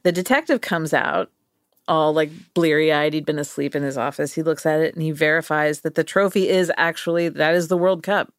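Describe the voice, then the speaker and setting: A woman co-hosting a podcast, telling a comedic story in an animated, jokey way. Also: sits low, brisk, no room sound, clean studio sound. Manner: animated, jokey, slips into silly voices. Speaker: podcast co-host.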